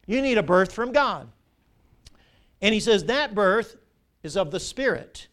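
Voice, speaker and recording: High-voiced older pastor preaching. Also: male voice, expressive, unhurried, a bit bright. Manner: preaching with call-and-response questions to the congregation. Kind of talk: sermon. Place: church sanctuary.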